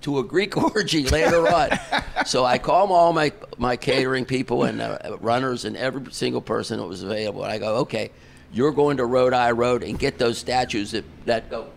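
A man's voice: mid-range voice, fairly quick, gravelly, a little hiss or hum. An older man, a concert promoter telling a long rambling backstage story full of fillers and restarts. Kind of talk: casual storytelling.

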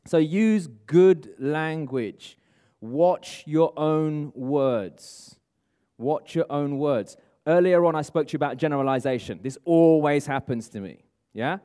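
A man giving a lively motivational seminar talk, asking the room and viewers at home questions. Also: a little high. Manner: energetic, coaching, asks the audience questions. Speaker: motivational speaker. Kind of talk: live seminar talk to room and online audience.

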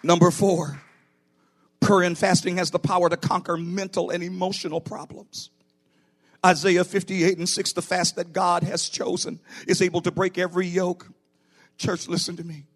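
High-voiced preaching man, flat delivery. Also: normal speed. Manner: preaching with rising, emphatic bursts. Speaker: pastor. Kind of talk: sermon. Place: church.

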